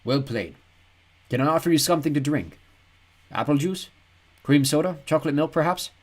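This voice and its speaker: A man voicing a calm, mysterious man with a mellow, faintly Caribbean-sounding voice and courteous, measured speech. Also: fairly high pitch, voice pushed up.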